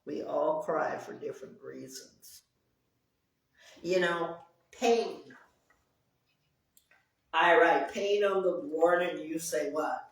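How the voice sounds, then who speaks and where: Her voice is low and gravelly, and she takes her time, leaving long pauses. This woman leads a support group in a meeting room, earnestly repeating phrases for emphasis. She was recorded from a distance, off-mic, in a very echoey room.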